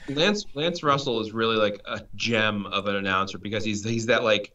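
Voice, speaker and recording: A man co-hosting a casual talk show, chatty and quick to laugh. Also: lowish voice, pushed and bright, recorded from a distance. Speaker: podcast co-host. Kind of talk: casual chat. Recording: dull sound from off mic.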